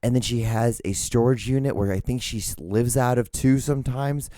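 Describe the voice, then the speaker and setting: A man's voice: medium pitch, moderate pace, dark tone, no echo, studio quality. A man hosting his own podcast in a casual, rambling solo monologue, profane and self-mocking. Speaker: podcast host.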